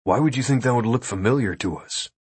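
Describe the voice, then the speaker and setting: A man voicing a skeptical, level-headed newcomer who asks dry, quick questions. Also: medium pitch, breathy edge, no echo, lightly acted.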